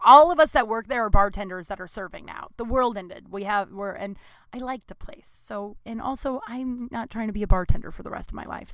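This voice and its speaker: A woman's voice: mid-range voice, sharp tone, no room sound. A woman comedian hosting a podcast, telling a story casually and candidly, rambling into asides.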